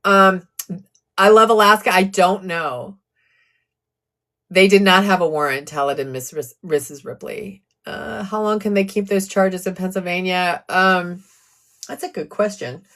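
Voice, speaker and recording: A woman's voice: on the low side, unhurried, pushed and bright. A woman hosting a live true crime stream, chatting casually about a court case and answering viewer comments with sarcastic asides.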